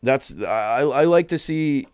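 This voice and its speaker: A man's voice: medium pitch, animated, slow, a little mellow, clean tone, no echo, lo-fi sound. Chatty man hosting a card break. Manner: chatty, rambling, hypes up the pulls. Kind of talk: casual live-stream card break chatter.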